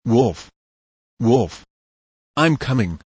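A man voicing an earnest, anxious man on a search, speaking urgently, with a husky voice. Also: mid-range voice, sing-song, drawn-out words, a little mellow, no echo, clean studio sound, heavily acted.

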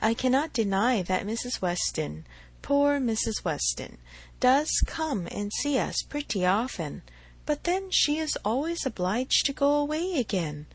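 A woman voicing a fretful, melancholy elderly gentleman in a narrated novel, sighing and plaintive. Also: a little high, very animated, unhurried, slightly rough, dry recording, pitched above the performer's own voice, heavily acted, poor audio.

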